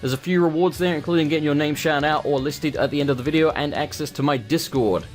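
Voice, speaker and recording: A man's voice: a little high, quick pace, faint music behind. A man with an English accent giving joking, rambling let's play commentary as a gaming video host. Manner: rambling, joking, self-deprecating.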